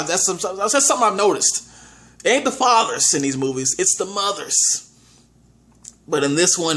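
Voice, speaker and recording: A man giving a casual movie review, animated, often restarting his sentences and acting out his own reactions. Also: fairly high pitch.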